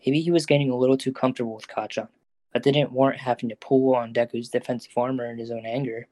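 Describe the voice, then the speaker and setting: A man narrates a fan audio drama in a steady, even storytelling voice. His pitch stays mid-range and fairly flat, and the recording is dry and close. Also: quick pace, no echo.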